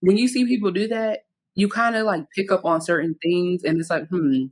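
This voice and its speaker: A woman's voice: on the low side, fairly even intonation, moderate pace. Laid-back woman podcast co-host. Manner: laid-back, storytelling with quoted asides; frequent "mm-hmm" listening sounds. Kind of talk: casual chat.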